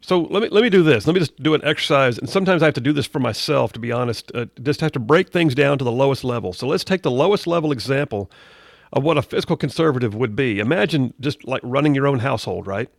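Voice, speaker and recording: Gravelly and creaky at a medium pitch, a middle-aged man hosts a folksy radio monologue with lively intonation and a quick pace. He chats conversationally, slipping into preachy asides, recorded dry and close with no room around him.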